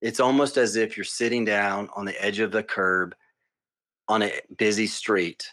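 A man speaking as a podcast guest, calm and meditative, talking through vivid everyday examples. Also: on the low side, moderate pace. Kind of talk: casual conversation.

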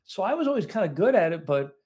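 Rambling storyteller man, slightly high voice. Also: sing-song, fast talker, darkish tone, slightly rough. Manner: rambling, self-correcting storyteller. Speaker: business owner guest. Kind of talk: casual storytelling interview.

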